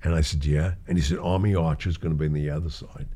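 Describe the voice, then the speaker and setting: Speaking fast in a very deep voice, an older man casually tells show-business anecdotes. He's an animated storyteller, doing the quoted voices himself and laughing a lot.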